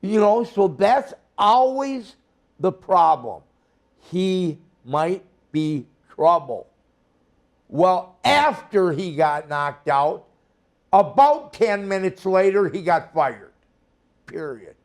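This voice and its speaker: Older guest from Minnesota, high-pitched and unhurried, blunt and salty. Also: male voice, lively intonation. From Minnesota, USA. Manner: blunt, profane, heated storytelling. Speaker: guest, former wrestler. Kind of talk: storytelling interview.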